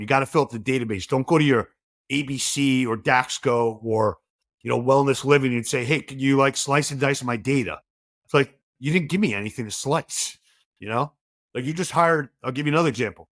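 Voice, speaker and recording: A middle-aged man, a podcast guest, talking in a lively conversational way and acting out quoted dialogue from his own stories. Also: mid-range voice, no echo, studio quality. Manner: animated storyteller, acts out quoted dialogue.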